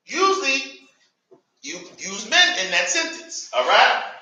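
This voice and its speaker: Brief: lively American male teacher, high bright voice, calls on students, leads repetition; echoey room, distant mic. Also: takes it slowly. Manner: animated, calls on students, has the class repeat words. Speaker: Arabic teacher. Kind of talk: classroom grammar lesson. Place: classroom. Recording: echoey classroom, from far off.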